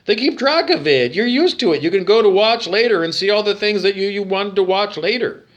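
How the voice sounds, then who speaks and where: Man in a ranting monologue, high and swooping voice, agitated, profane, repetitive, keeps asking questions. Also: animated, fairly quick, fairly bright tone, muffled recording. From Canada. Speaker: video monologue speaker.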